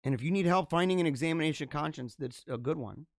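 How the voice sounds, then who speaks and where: Male host, fervent preachy delivery with big loud-soft swings, somewhat high voice. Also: fast, dry recording, clean studio sound. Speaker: host of a live religious show. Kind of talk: impassioned live-stream monologue.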